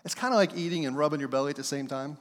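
A male pastor preaching a conversational, animated sermon in a church, acting out the voices of the people he talks about. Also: fairly high pitch, rapid-fire. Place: church sanctuary. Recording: long hall reverb.

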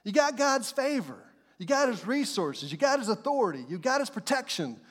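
In a church sanctuary, a pastor preaches with fervent, conversational energy, often putting questions to the congregation. His voice is very high, very animated and fairly bright, moving at a moderate pace with few pauses. The long reverb of a large hall fills the recording.

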